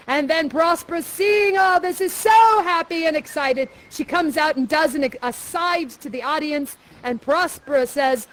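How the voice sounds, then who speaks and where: Playful high-voiced woman directing a live show. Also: a little slow, hardly any pauses. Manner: playful, theatrical, directing others, repeats "that's right". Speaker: actor guiding players through a live show. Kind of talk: interactive live theater.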